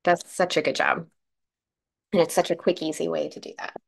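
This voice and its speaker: Female craft host, croaky morning voice, friendly step-by-step live demo. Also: sits low, little pitch movement, fairly quick. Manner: chatty, explains steps while working, answers comments.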